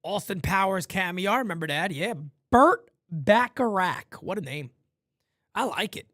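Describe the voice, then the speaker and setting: A man calling a baseball game live for fans from his home studio, shouting on big plays and muttering low asides between pitches. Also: expressive, moderate pace, no echo. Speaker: play-by-play streamer. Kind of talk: live fan play-by-play commentary.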